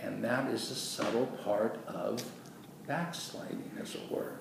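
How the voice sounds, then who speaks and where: A man preaching a sermon in an earnest, animated way, acting out quoted voices, with a dry throat after surgery. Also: medium pitch, measured pace, creaky. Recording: echoey room, far from the mic, noisy.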